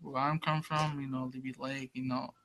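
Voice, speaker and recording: A man's voice: mid-range voice, little pitch movement, normal speed, very noisy. A young man hosting a podcast, chatting casually with lots of slang and swearing. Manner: slangy, profane, storytelling. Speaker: podcast host. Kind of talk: casual chat.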